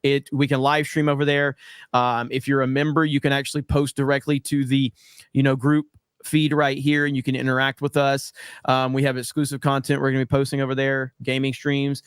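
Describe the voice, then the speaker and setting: A man's voice: medium pitch, flat delivery, brisk, clear, resonant tone, no echo, clean studio sound. A man hosting a live stream in casual chat, laughing often as he tells stories. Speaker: show host.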